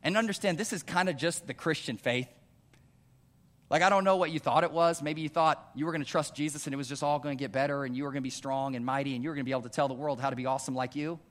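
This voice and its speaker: Slightly high-voiced preaching man. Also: steady tone, fast. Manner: preaching with frequent call-outs of "amen?" and rhetorical questions; swings between hushed earnest pleading and louder emphatic urging. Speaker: pastor. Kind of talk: sermon. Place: church hall before a congregation.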